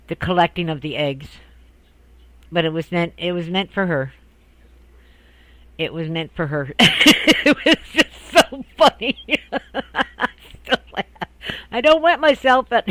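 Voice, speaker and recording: A man's voice: high-pitched, a bit bright, dry recording, rough recording. An older man telling a childhood memory in a rambling, casual way, laughing often and restarting his sentences. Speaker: storyteller. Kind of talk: casual personal storytelling.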